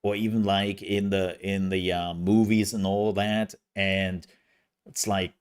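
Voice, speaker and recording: A man's voice: low voice, level tone, takes it slowly, clean tone. A man streaming, chatting casually with viewers in a rambling, self-mocking way. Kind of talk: casual live-stream chat.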